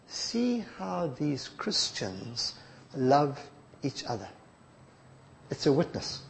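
A male preacher, delivering a sermon in a measured, emphatic way that drops to soft asides. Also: on the high side.

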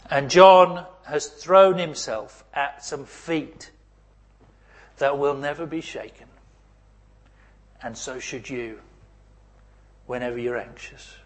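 A middle-aged man preaching a sermon. He swings between loud emphasis and near-whispered asides. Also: mid-range voice, husky.

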